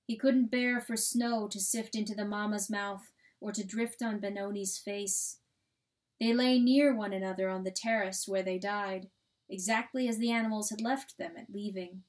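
A woman narrating a storybook aloud in a measured, solemn storytelling manner. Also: medium pitch. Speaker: audiobook narrator. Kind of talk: dramatic audiobook reading.

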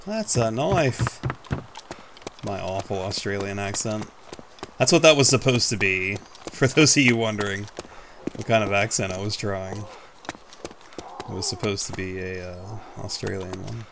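A man's voice: on the low side, steady tone, moderate pace, vocal fry, noisy background. A man giving casual, rambling commentary over his own gameplay, self-mocking and casually swearing. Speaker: gaming YouTuber.

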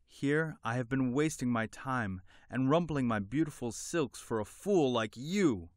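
A man's voice: medium pitch, big pitch swings, unhurried, no echo. Greedy, hot-tempered bazaar merchant, put on by a male narrator; raised, scornful, dry storybook read. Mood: angry, scornful. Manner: shouting insults, scornful.

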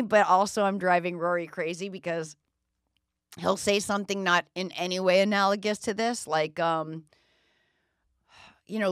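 A middle-aged woman hosts a podcast and tells a story in a relaxed, wandering way. She trips over words and fills gaps with "um" and "like". The sound is close and dry, with no room around it. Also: on the low side, no echo. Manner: loose, rambling telling with filler words. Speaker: podcast host. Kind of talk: casual storytelling.

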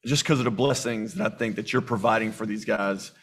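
A man's voice: lowish voice, steady tone, brisk, a bit bright. A man hosting an interview, affirming and encouraging his guest while he reads out audience chat. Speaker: host.

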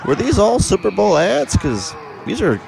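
A man's voice: high-pitched, huge pitch swings, moderate pace, vocal fry, background noise. A man in his thirties hosting a reaction video, talking casually, laughing often and swearing freely. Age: 30s.

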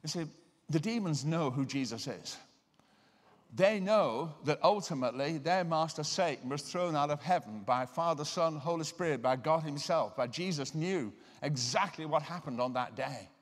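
A man giving a sermon-style lecture. He tells personal stories and slows down to stress key words. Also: a little high, expressive. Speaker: guest lecturer and deliverance minister. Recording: reverberant lecture hall.

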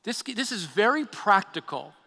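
A man preaching a sermon as pastor, animated and acting out quotes, often repeating his words. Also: high voice, normal speed, gravelly. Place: church sanctuary. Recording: long hall reverb.

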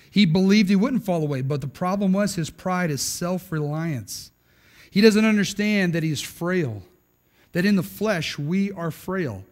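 A middle-aged man preaching a sermon in an emphatic, conversational way, often tagging lines with "right?". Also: a little high. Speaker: pastor.

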